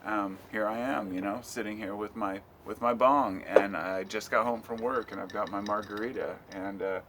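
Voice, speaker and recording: A man's voice: on the low side, steady tone, moderate pace, very noisy. A middle-aged American man talking at home in a loose, rambling vlog, swearing casually. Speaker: vlogger.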